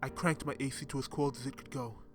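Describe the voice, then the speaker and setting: A man's voice: mid-range voice, steady tone, fast talker. Man narrating a horror story. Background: faint music.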